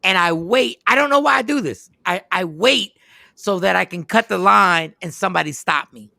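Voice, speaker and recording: A high-pitched man with a gravelly edge hosts a casual talk show. His tone is bright and sharp, and the recording is close and dry. He tells stories with lots of animation and acts out each scene. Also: moderate pace, no echo. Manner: animated storyteller, acts out scenes, laughs often. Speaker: podcast host. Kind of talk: casual chat.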